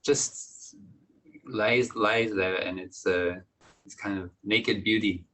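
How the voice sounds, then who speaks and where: A man, a monastic teacher, giving a gentle, reflective dharma talk with many pauses and soft laughs. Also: fairly low pitch, steady tone, low-quality recording.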